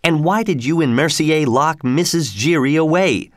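An agitated theater secretary who will not let a question drop, as a man reads him aloud. His voice rides higher than a plain reading and jabs with accusation. It is a storybook character. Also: moderate pace, no room sound, studio quality, close to an everyday voice.

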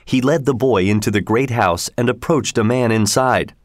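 A man narrating a story in a steady, measured reading. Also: medium pitch, dry recording, clean studio sound.

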